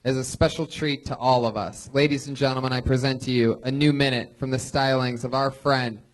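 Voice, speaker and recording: A man's voice: mid-range voice, steady tone, fairly quick, low-quality recording. A man hosting a live comedy podcast on a club stage, bantering and hyping up guests. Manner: hype-man introductions, swearing. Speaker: host.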